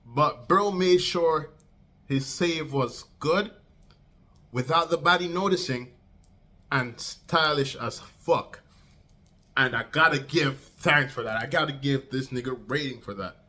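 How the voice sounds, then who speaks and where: Bright-voiced young man telling a storytime. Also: slow pace. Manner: animated, acts out quotes with big pitch jumps; slangy, swears freely. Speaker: vlogger. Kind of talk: casual storytime monologue.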